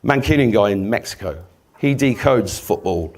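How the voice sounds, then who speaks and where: An Englishman in his fifties speaks at normal speed in a fairly low voice with lively intonation. In a casual storytelling talk, he tells an audience rambling, jokey stories and swears freely.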